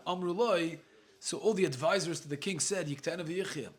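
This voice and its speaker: A rabbi with a notably high voice leads a relaxed Talmud study session for a group. He reads the old text aloud, then unpacks it in friendly, conversational English. He thinks aloud and jokes with his students as he goes. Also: fairly quick. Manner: reads Aramaic phrases then explains them in chatty English. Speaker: rabbi teaching a Talmud class. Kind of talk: casual Talmud lesson to a live group.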